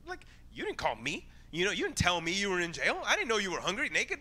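Lively high-voiced preaching man. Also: fast. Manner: animated, conversational preaching, acts out voices. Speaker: pastor. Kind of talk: sermon.

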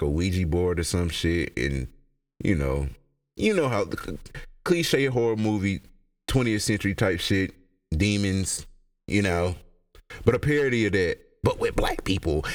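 A young man, high and rambling through a casual, profane solo podcast rant. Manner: rambling, profane, laughs a lot. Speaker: podcast host.

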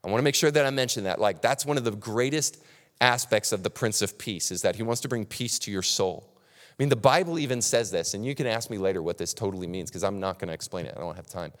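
A man in his thirties preaching a sermon as pastor, animated and acting out quotes, with frequent restarts. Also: lowish voice, fast. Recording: long hall reverb.

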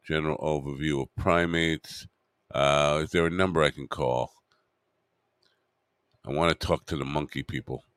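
A man's voice: extremely low pitch, fairly even intonation, moderate pace, pauses often, a bit bright, clear, resonant tone, dry recording, clean studio sound. A man hosting a podcast alone, rambling and muttering to himself with wry asides. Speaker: podcast host.

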